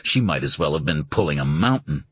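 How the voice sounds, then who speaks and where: A man narrating a suspense novel in a steady, dramatic reading. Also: extremely low pitch, brisk, breathy edge, dry recording. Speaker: audiobook narrator. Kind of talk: scripted narration.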